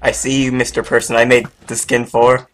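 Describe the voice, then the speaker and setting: A young man chatting excitedly while playing a game with a friend, often laughing and getting loud. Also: medium pitch, brisk. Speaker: gamer. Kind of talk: casual gaming chat.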